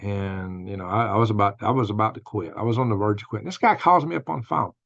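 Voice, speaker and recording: A man's voice: on the low side, quick pace, vocal fry, a bit bright, no echo, lo-fi sound. An older man hosting a casual live-stream, telling rambling stories and laughing at his own jokes. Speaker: host of a news and commentary stream.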